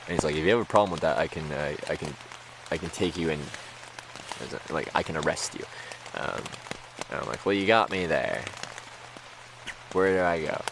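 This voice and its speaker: Deep-voiced man rambling with rain behind. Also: moderate pace, long pauses, noisy background. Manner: rambling, laughs often, many fillers. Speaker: streamer. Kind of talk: casual storytelling to stream chat.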